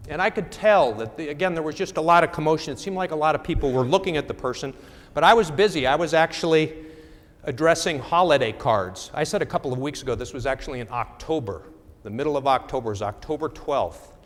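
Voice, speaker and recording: A man's voice: on the high side, fast talker. Middle-aged man telling a wry story in a hall. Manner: wry, conversational, checks in with "okay?". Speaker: presenter at a training talk. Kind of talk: anecdotal storytelling talk.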